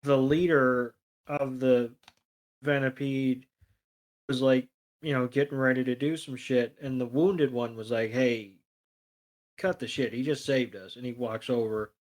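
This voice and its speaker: A man's voice: medium pitch, fairly even intonation, measured pace, low-quality recording. A man co-hosting a podcast, recapping a cartoon episode in crude, sarcastic casual chat. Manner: crude, profane, sarcastic retelling. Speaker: podcast co-host.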